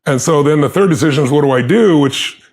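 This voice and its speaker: A man's voice: on the high side, fast, a little mellow. A man telling his life story in an earnest, emphatic motivational way.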